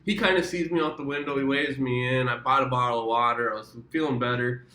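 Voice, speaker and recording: Bright-voiced man in an echoey room. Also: mid-range voice, fairly even intonation, fast. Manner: rambling, profane, self-correcting. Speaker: travel vlogger. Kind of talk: casual storytelling. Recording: roomy echo.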